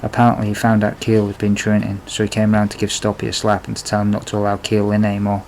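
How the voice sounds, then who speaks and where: A man's voice: fairly low pitch, monotone, fast talker, darkish tone, slight background noise, low-quality recording. A man narrating his own life story in a plain, confessional way, with blunt swearing. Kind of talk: memoir storytelling.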